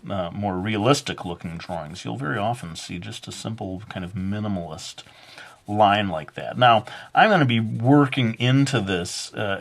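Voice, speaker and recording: A man's voice: on the low side, gravelly, a bit bright. A man teaching a drawing lesson in a casual, hesitant way, with many fillers and joking asides. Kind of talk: casual drawing tutorial narration.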